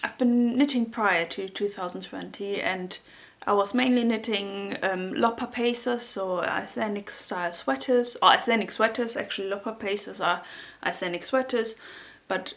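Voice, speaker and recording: German-accented woman chatting to camera about knitting, halting, lots of pauses hunting for words, plain mid voice. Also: medium pitch. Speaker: knitting podcast host. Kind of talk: casual chat to camera.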